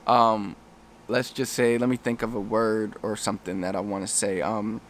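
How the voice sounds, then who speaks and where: A man speaking with a middle-range pitch, giving travel language advice off the cuff. He talks in a loose, rambling way, restarting sentences and slipping into quick acted-out quotes. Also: a little hiss or hum. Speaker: language coach. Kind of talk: casual talking-head lesson.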